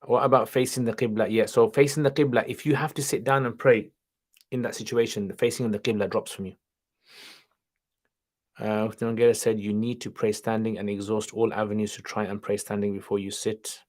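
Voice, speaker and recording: A man's voice: on the low side, flat delivery, fairly quick. A man hosting a casual livestream, reading viewers' questions aloud and answering them offhandedly, sprinkling in Arabic greetings and religious terms. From studied nine years in Pakistan, now in England.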